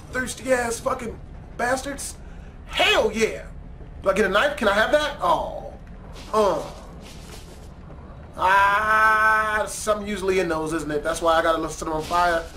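A man giving profane, excitable let's play commentary, trash-talking the game and yelling suddenly. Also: sits high, slight background noise. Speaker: gamer.

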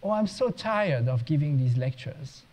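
A man playing a tired old professor, world-famous and worn out by lecturing, speaks in a high voice. He sounds weary and a little sly. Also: lively intonation, normal speed, darkish tone, rough recording.

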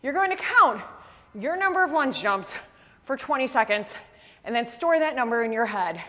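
A woman fitness instructor leading a workout class, out of breath and slightly hoarse, counting reps aloud between heavy exhales. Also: on the high side, sing-song, moderate pace, pushed and bright. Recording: long reverb in a big room.

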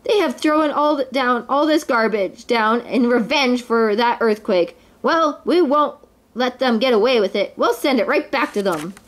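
A woman's voice: on the high side, unhurried, natural voice. A woman voicing the stern king of small underground creatures, speaking in a commanding way. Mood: indignant.

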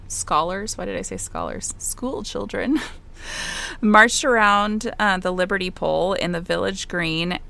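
A woman's voice: mid-range voice, gravelly, bright, forceful tone. A woman co-hosting a podcast, casually telling a history story from her notes, with asides and stumbles.

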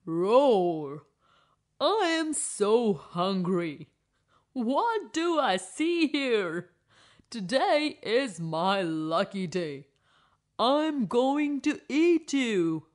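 Woman doing a slow, roaring hungry lion. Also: fairly high pitch, very animated, exaggerated voice. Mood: menacing. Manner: slow, drawn-out roaring threats.

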